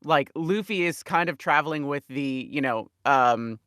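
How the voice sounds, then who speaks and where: A young podcast co-host chatting casually, wry, dropping into deadpan low asides. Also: measured pace, clean tone, no echo, studio quality. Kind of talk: casual chat.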